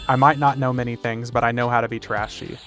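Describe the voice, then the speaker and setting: With soft music behind him, a man chats fast during a live game stream in a level, slightly bright mid-range voice. He keeps it relaxed and jokey, swearing freely and saying "dude" often.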